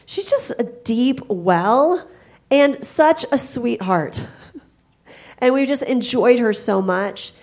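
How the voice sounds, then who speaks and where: A woman's voice: fairly high pitch, lively intonation, slow pace, darkish tone. A woman hosting at church, introducing a guest speaker in an effusive, enthusiastic way. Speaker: church host.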